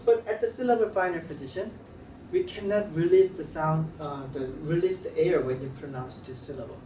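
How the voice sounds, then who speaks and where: A man teaching a language lesson, talking haltingly and repeating sounds to demonstrate them. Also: on the high side, dark tone. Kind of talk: classroom lecture at a board. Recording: roomy, slightly distant mic with faint room noise.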